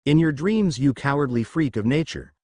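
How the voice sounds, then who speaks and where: A man voicing a loud, rowdy young male duelist in a storybook reading. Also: mid-range voice, big pitch swings, normal speed, no room sound, studio quality. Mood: brash. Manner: rowdy, yelling.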